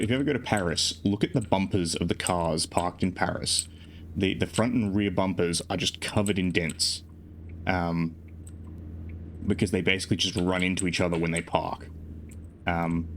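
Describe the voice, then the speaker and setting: A sleepy man with a very low voice rambles through driving-game commentary, cracking self-deprecating jokes. A faint hiss and keyboard clatter sit behind him at his home computer. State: sleep-deprived. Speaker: streamer. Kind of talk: casual gameplay commentary.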